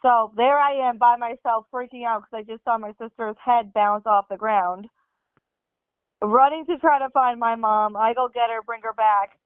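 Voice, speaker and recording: A woman's voice: a little high, moderate pace, smooth, no room sound. A young woman rambling through a family story as a guest on a casual podcast. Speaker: guest sister. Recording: tinny phone-like sound, dry.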